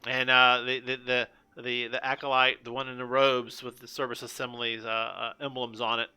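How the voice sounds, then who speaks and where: A man narrating as game master of a live-streamed tabletop game, halting with many restarts and fillers. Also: medium pitch, level tone, bright, forceful tone, clear, resonant tone.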